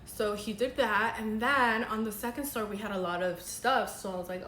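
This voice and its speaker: A woman's voice: mid-range voice, steady tone, normal speed, hardly any pauses, a bit bright, reverberant, a little hiss or hum. A young woman, a makeup artist, telling a dramatic story in casual, chatty vlog style. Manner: chatty, dramatic, says girl a lot.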